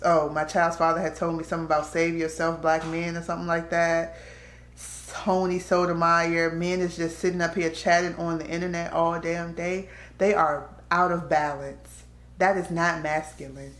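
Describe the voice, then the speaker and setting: A woman's voice: fairly low pitch, a bit bright. A woman vlogger telling a personal story to camera in a candid, conversational way. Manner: candid, conversational, slips into quoted voices. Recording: echoey room.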